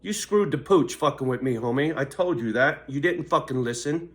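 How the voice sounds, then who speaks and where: A man's voice: a little high, lively intonation, normal speed. An older man vlogging, cursing constantly in a riled-up, confrontational rant. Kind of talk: angry ranting vlog.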